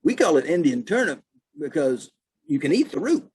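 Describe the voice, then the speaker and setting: A man voicing a sharp-tongued old country woman on her porch, in a high, twangy voice. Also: sing-song, normal speed, breathy edge, no room sound, exaggerated voice. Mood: teasing.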